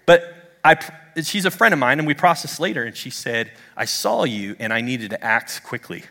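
A middle-aged male pastor preaching a sermon in a church, telling a story with animated swings of voice. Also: medium pitch, normal speed, vocal fry. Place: church sanctuary under stage lights. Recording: long hall reverb.

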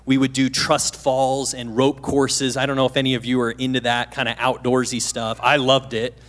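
A man's voice: medium pitch, completely flat delivery, moderate pace, a bit bright. A man in his thirties gives a casual, story-driven sermon from a church stage, with a mid-range voice. He drops in self-deprecating jokes and keeps asking the congregation questions. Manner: chatty, self-deprecating, asks the audience questions. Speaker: guest pastor.

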